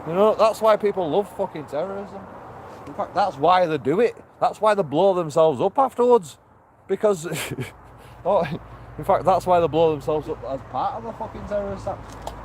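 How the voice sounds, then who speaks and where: A man's voice: high voice, lively intonation, normal speed, a little mellow, slight background noise. Heated, swearing man outdoors. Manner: heated, profane ranting. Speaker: vlogger. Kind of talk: walking street vlog rant. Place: outdoors on a town street.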